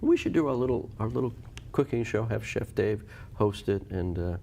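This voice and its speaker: A man's voice: fairly low pitch, lively intonation, normal speed, creaky, warm tone, slight background noise. A man co-anchoring a local TV news show from a studio, chatting casually and rambling with many restarts. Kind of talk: casual on-air banter.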